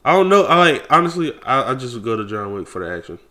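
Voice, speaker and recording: A man co-hosting a podcast, firing back quick, defensive comebacks and swearing freely. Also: mid-range voice, big pitch swings, sharp tone. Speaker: podcast co-host. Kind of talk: casual podcast banter.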